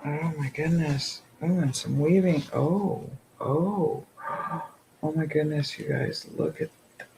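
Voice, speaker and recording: Kinda high gravelly guy gushing over an unboxing, lots of whispery oohs. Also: takes it slowly, darkish tone, slight background noise, low-quality recording. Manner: gushing, breathy exclamations, frequent whispered asides. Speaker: vlogger unboxing subscription boxes. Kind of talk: casual unboxing chat.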